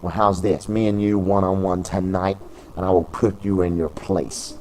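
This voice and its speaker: Dude doing a mad threatening wrestler, low and clipped. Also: male voice, little pitch movement, normal speed, mellow, slight background noise, close to an everyday voice. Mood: menacing. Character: angry, menacing male wrestler.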